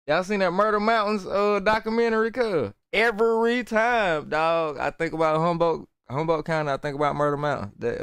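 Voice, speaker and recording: A man's voice: medium pitch, smooth, no echo. A man giving casual reaction commentary on a video, talking in rambling, profane slang.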